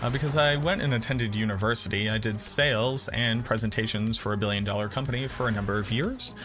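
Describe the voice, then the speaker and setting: A man's voice: lowish voice, quick pace, a bit bright. A man in his thirties with a Boston accent, chatting bluntly and profanely with viewers during a game stream. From Boston area, USA. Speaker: gaming streamer. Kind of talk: casual livestream chat with viewers. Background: game music.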